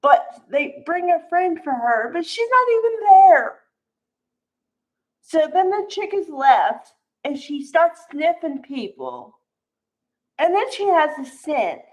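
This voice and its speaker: A woman's voice: high voice, sing-song, slow pace, rough recording. A woman chatting casually as a soap opera commentator, frank and chatty, laughing often and calling people honey.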